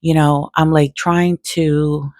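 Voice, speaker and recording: Low-voiced, emotional woman vlogger. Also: takes it slowly, no room sound, studio quality. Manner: emotional, animated, exclamatory. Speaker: nail artist vlogger. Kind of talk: casual storytelling.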